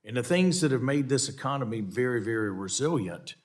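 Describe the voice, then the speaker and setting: A man with a Southern American accent questioning witnesses at a committee hearing, halting and repeating words as he presses his points. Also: mid-range voice, expressive.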